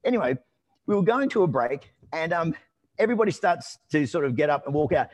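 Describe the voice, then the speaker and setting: Husky-voiced man telling a story. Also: a little high, brisk. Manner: rambling, with frequent restarts and fillers; lively and amused when telling anecdotes. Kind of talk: conversational storytelling.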